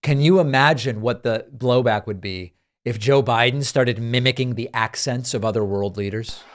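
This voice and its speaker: A man's voice: mid-range voice, normal speed. A man hosting a political commentary show, reacting to clips in a dry, sarcastic way on a studio microphone.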